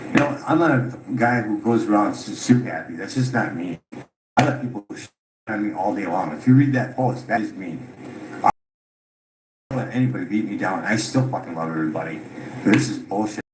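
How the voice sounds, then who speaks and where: A man's voice: fairly low pitch, animated, fairly quick. A tired, frustrated man recounting his grievances, swearing often as he talks. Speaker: caller telling his story. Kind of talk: unscripted recorded account. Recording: echoey room with loud background noise.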